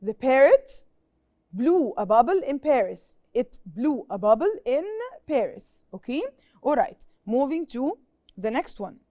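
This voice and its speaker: A woman's voice: fairly high pitch, very animated, unhurried, mellow, no room sound, clean studio sound. A young Egyptian woman teaching an English lesson on TV, asking pupils questions and repeating each point in Arabic. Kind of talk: TV classroom lesson.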